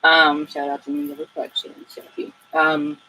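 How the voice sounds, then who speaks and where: A woman's voice: sits low, completely flat delivery, normal speed, sharp tone, rough recording. Chatty woman doing a sax tutorial at home, loose and casual, bit of hiss behind her. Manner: chatty, loose, lots of fillers and asides. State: a bit out of breath at times. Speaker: saxophone teacher.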